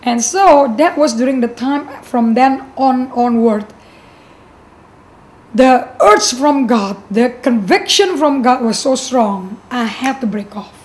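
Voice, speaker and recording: A woman's voice: a little high, slow pace, rough recording. A woman pastor sharing her faith testimony in an earnest, emotional way, often restarting her sentences and adding "you know".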